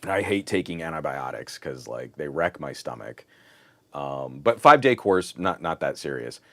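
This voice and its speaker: Male podcast host, casual chat, rambling storyteller, lively intonation, dry close sound. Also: very deep voice, moderate pace, no echo.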